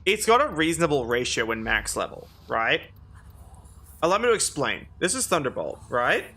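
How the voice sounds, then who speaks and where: A man's voice: a little high, big pitch swings, normal speed, sharp tone, husky. Giggly young man streaming a game. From Canada. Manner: giggly, swears freely, laughs often. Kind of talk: casual gameplay commentary.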